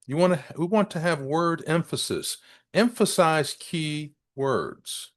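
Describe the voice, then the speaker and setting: A man teaching business English, speaking deliberately and stressing key words to demonstrate intonation. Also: a little high, animated. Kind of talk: presenting a business English lesson.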